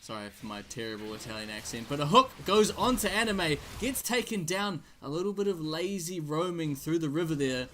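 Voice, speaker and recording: A man casting a live esports match play-by-play, his excitement climbing in big fights, with jokey asides between plays. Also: on the high side, a little fast, hardly any pauses, slight background noise. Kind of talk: live game commentary.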